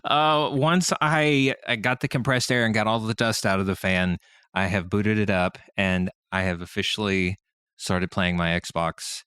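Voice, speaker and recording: A man's voice: fairly low pitch, measured pace, smooth, no echo, studio quality. A man hosting a podcast in a casual chat, telling stories with lots of laughter. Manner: animated storyteller who laughs often. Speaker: podcast host.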